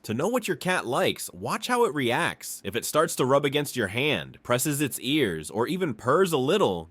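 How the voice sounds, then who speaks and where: Lively, higher-voiced male narrator. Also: dry recording. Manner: explanatory, addresses the viewer directly. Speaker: pet channel narrator. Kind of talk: scripted narration.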